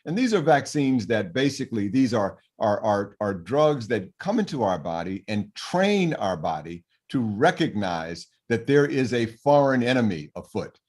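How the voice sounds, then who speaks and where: Older male doctor guest, low voice, earnest and measured explainer. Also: sing-song, a little mellow. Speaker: physician guest. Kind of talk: explaining on a talk show.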